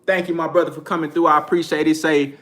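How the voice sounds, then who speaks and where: A man's voice: on the high side, level tone, fast talker, a bit bright. Slangy man hosting a boxing live stream. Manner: laid-back slangy, laughs often, reads super chats. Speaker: boxing channel host. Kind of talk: casual live-stream commentary.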